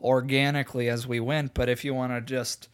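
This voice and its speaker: A man's voice: mid-range voice, flat delivery, fairly quick, clean tone. Laughing, joking podcast co-host man. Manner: laughs a lot, crude and joking. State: tipsy. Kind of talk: casual chat. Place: bedroom.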